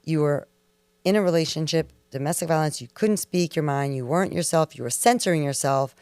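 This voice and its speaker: Low-voiced, supportive woman host. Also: a little fast, a little mellow, smooth, no room sound. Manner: supportive, affirming listener. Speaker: podcast host. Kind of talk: casual interview chat.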